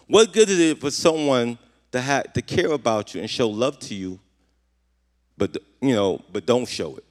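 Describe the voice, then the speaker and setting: A man's voice: mid-range voice, lively intonation, normal speed. A man preaches to his church in an earnest, searching tone, repeating his questions back to the congregation. His voice sits in an ordinary middle register. A long reverb from the hall trails each phrase. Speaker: pastor. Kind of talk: sermon.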